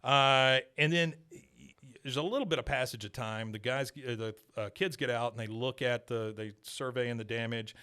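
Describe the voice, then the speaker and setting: A man's voice: mid-range voice, moderate pace, hardly any pauses, clean tone. A man co-hosting a podcast, casually retelling an episode's plot and acting out the characters' lines. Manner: animated storyteller, acts out quotes in put-on voices. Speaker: podcast co-host recapping an episode.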